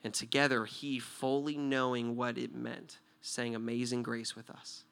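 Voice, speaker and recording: A man preaching a sermon, swinging between loud emphatic points and hushed storytelling and often checking in with his listeners with a quick "right?". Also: medium pitch, level tone, vocal fry. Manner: talks to the listeners directly with frequent "right?".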